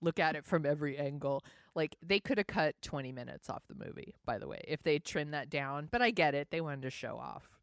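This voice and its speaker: A woman's voice: low voice, animated, fairly quick, few pauses, no echo. A woman co-hosting a podcast, chatting casually about a movie with wry, teasing asides, close to the mic. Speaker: podcast co-host.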